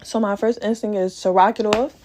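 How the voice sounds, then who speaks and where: A woman's voice: mid-range voice, steady tone, brisk, darkish tone, a little hiss or hum. Young woman, casual storytime, dramatic and slangy, acts out every quote. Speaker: braider telling a storytime.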